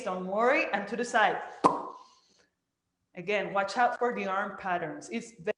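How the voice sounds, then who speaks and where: A woman teaching a dance class, cueing moves and counting out loud as she demonstrates. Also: mid-range voice, roomy sound. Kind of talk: live online dance class instruction.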